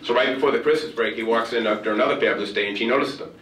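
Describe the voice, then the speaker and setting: Racing through a humorous story and acting out its dialogue, this man delivers a motivational keynote in a large conference hall. His voice is mid-range with a fairly bright tone. A little hiss or hum is present, and the roomy hall sound suggests he's far from the mic.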